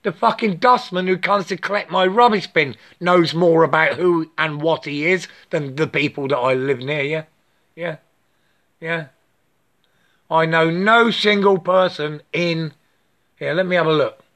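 A man's voice: a little high, unhurried, a bit bright. A man in his late fifties giving a rambling spiritual monologue, swearing freely and tagging most sentences with "yeah?". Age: 50s. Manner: profane, repetitive, keeps asking "yeah?".

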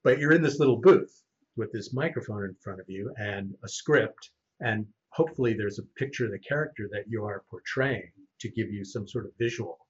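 A man's voice: on the low side, fairly quick, slightly rough, lo-fi sound. A man who works as a voice actor, telling anecdotes in a casual chat. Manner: animated anecdote teller. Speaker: voice actor guest.

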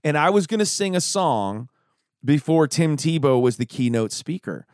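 A man's voice: fairly high pitch, sing-song, moderate pace, a little mellow, smooth, no echo, studio quality. A man hosting a podcast who chats with his guest and swaps in his own stories. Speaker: podcast host. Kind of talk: conversational interview.

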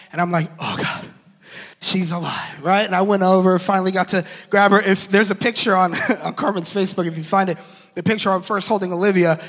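Young man, pastor, very high voice, animated storytelling sermon, long hall reverb. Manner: animated, acts out quotes, laughs often.

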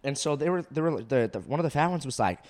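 Young male co-host, rapid blunt delivery, swears freely. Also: mid-range voice, expressive, a little mellow. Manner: blunt, swears, storytelling with "I was like". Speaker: podcast co-host. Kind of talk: casual chat.

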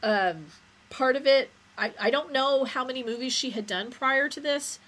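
A woman co-hosting a podcast in relaxed conversation, laughing easily and swearing casually. Her voice is bright and somewhat high. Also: normal speed, slight background noise. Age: adult, recalls childhood viewing. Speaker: podcast co-host. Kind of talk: casual chat.

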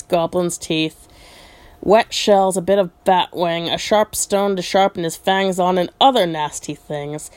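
A woman reads a story aloud at an unhurried, slow pace, her voice sitting somewhat low. She drifts into musing side comments and fills pauses with ums as she goes. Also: no echo. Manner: thoughtful, musing asides, frequent ums. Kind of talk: reading a book aloud with asides.

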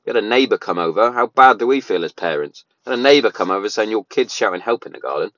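Dad, 30s, lower voice, casual rambling monologue with lots of fillers; muffled, dead-dry recording. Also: male voice, expressive, quick pace, fairly bright tone, dry recording. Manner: rambling, many restarts and fillers. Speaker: parent sharing opinions.

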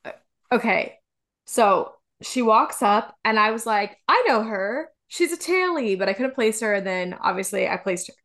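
A woman with a fairly high voice co-hosts a casual TV recap podcast. She rants with heated emphasis, repeats herself for effect and swears freely. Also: animated, normal speed, a bit bright. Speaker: podcast co-host.

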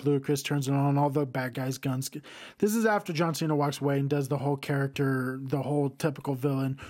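A man's voice: on the high side, a little mellow. Profane, rambling man ranting. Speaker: podcast host reviewing films. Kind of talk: casual rant.

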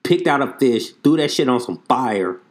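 A man co-hosting a casual chat, telling an animated, profane story. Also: medium pitch, normal speed.

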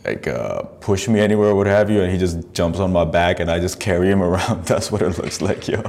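A man's voice: sits low, expressive, brisk, vocal fry, darkish tone, a little hiss or hum. A man hosting a podcast, commenting on videos in a profane, rambling way and laughing often. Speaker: podcast host.

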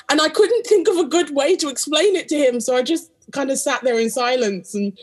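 A young woman co-hosting a casual chat podcast, telling a story in an animated, insistent way. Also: high voice, brisk, hardly any pauses. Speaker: podcast co-host.

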